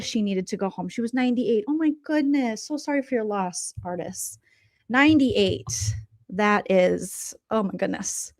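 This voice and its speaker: A woman comedian giving casual, sarcastic reaction commentary, swinging between loud outbursts and whispered asides. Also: fairly high pitch, expressive, moderate pace, no echo, clean studio sound.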